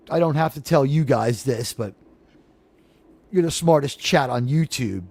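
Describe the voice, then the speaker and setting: Sarcastic rambling livestream host, high voice. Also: male voice, no room sound. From New York. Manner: sarcastic, rambling, shifts loud and soft. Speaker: live show host. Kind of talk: casual livestream monologue.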